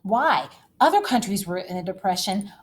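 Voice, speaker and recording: A woman teacher giving a recorded history lecture, lively and dramatic, speaking straight to her students. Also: medium pitch, moderate pace.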